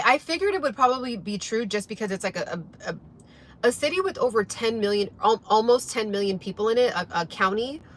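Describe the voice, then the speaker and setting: A young woman talks casually to her viewers, rambling from one thought to the next while she eats. Her pitch sits in a middle range. A faint hum of background noise runs under her voice. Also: fairly bright tone. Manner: rambling, chatty, eating while talking. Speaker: vlogger. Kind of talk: casual chat to camera while eating.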